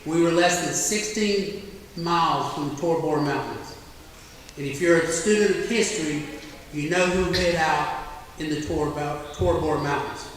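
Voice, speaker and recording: A man's voice: a little high, unhurried, fairly bright tone, slight background noise. A middle-aged man, a military veteran giving a plainspoken storytelling speech. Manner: plainspoken, anecdotal. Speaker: military veteran guest speaker. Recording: echoey hall from far off.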